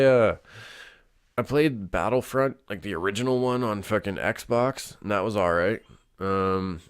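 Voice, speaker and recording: A man's voice: on the low side, clean tone. A young man hosting a casual solo show, rambling with lots of fillers and swearing. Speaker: podcast host.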